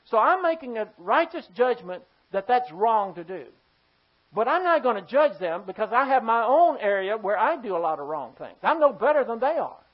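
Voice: mid-range voice, big pitch swings, moderate pace. A pastor giving a sermon to a congregation, emphatic and firing rhetorical questions at the listeners. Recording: slightly dull lo-fi sound.

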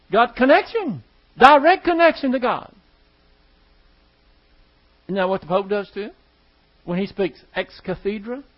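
A man preaching a sermon to his congregation, conversational and full of questions to the room. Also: high voice. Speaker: pastor. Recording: dull lo-fi church recording.

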